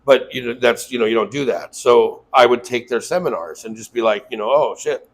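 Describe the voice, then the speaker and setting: A man's voice: mid-range voice, a little fast, low-quality recording. A man who owns a tattoo shop, telling loose, profane stories in a casual interview and acting out what people said to him. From Las Vegas. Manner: loose, profane storytelling with acted-out quotes. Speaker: tattoo shop owner, guest.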